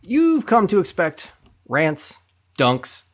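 A man's voice: high-pitched, huge pitch swings, slow. A man co-hosting a podcast, recapping an episode in a casual, wry and sarcastic way, swearing now and then. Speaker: podcast co-host.

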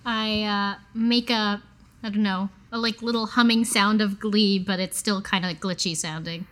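A woman's voice: medium pitch, steady tone, moderate pace, a bit bright. Chatty woman at a game table. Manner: chatty, hesitant with fillers. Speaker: tabletop player. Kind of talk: casual table talk.

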